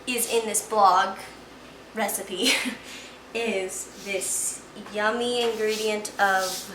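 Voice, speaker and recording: A woman's voice: mid-range voice, steady tone, very slow. A woman hosting a casual baking vlog, chatting and thinking aloud as she works. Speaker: vlog host. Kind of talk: casual kitchen vlog chat. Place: home kitchen. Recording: echoey kitchen, clear background noise.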